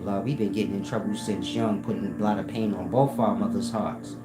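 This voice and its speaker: A man telling comic stories to his chat in a slangy, animated way, laughing often and slipping into quoted voices. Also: lowish voice, a little fast. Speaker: streamer talking to his chat. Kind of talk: casual comic storytelling. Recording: roomy sound with music behind.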